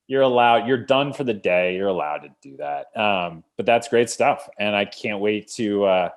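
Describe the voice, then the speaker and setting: A man hosting a casual sports podcast, reading a quick sponsor note and wrapping up. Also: lowish voice, lively intonation. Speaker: podcast host. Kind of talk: casual chat and ad read.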